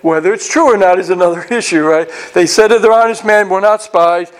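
High-voiced man teaching scripture. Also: a little fast, smooth. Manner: animated, acts out characters' reactions; frequent restarts and repeated words. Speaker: Bible teacher. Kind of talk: verse-by-verse Bible teaching.

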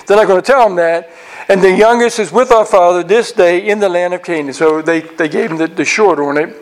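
Bible teacher, man, high voice, lively verse-by-verse teaching with quick restarts. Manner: animated, acts out characters' reactions; frequent restarts and repeated words.

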